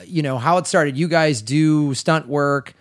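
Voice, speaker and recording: A man's voice: on the high side, measured pace. A man with a Chicago accent co-hosting a podcast, joking around and laughing often in casual chat. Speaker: podcast co-host.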